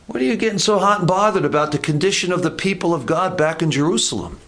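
A man's voice: high voice, fast, few pauses, fairly bright tone. A man preaching a sermon in a conversational way, with joking asides and acted-out bits of dialogue.

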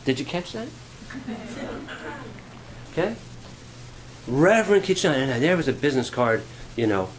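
A man preaching a sermon, shifting from quiet storytelling to rising, fervent preaching. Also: medium pitch, big pitch swings, moderate pace, long pauses, poor audio. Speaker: pastor.

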